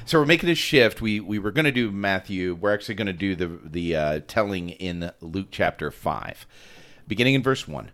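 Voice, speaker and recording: A man co-hosting a podcast, reading a Bible passage in a calm, even manner and then chatting about it. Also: low voice, moderate pace. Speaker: podcast co-host and reader. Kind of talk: casual chat and scripture reading.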